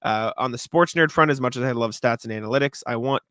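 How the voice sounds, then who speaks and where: A man's voice: medium pitch, pushed and bright, dry recording, studio quality. A man in his twenties co-hosting a sports podcast, chatting casually, reading listener mail aloud and laughing often. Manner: quick, chatty, laughs often between remarks. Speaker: podcast co-host.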